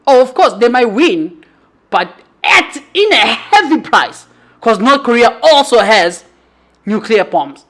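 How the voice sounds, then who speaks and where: A South African woman with a fairly high voice speaks in an impassioned podcast monologue. She swears freely, fires off rhetorical challenges and hammers her points home through repetition. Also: big pitch swings, slow, a bit bright. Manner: heated, profane and rhetorical, with emphatic repetition. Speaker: podcast host.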